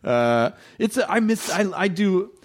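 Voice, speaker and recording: A man's voice: high voice, sing-song, slow. Chatty, easygoing man. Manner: chatty, easygoing, says "like" a lot. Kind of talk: casual conversation.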